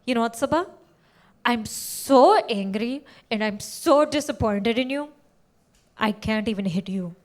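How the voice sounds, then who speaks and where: Woman comic doing her angry, disappointed mom: high voice, cold and scolding. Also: fairly even intonation, fast, few pauses, close to an everyday voice. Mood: cold fury. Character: furious, disappointed conservative immigrant mother. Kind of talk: stand-up comedy impression.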